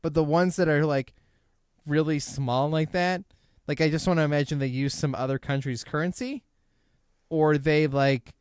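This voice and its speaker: A man's voice: on the high side, fairly even intonation, moderate pace, a little mellow, smooth, no room sound, studio quality. A man from Ohio co-hosting a casual podcast chat, joking and sarcastic. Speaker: podcast co-host.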